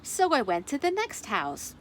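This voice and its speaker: A woman's voice: high voice, wildly swooping pitch, a little slow, fairly bright tone, full character voice. Woman reading as a sly wolf making excuses. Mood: wheedling. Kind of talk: storybook read-aloud.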